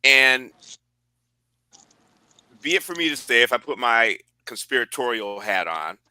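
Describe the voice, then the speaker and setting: A man's voice: medium pitch, very animated, measured pace, pushed and bright, smooth, no echo, rough recording. A man speaking animatedly in a political discussion, laying out a theory with wry asides.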